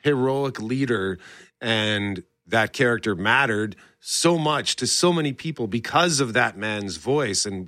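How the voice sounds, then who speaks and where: A man's voice: fairly low pitch, a bit bright, no room sound, studio quality. A male host chatting casually about pop culture, enthusiastic and rambling, often restarting his sentences. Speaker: show host. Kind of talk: casual entertainment talk.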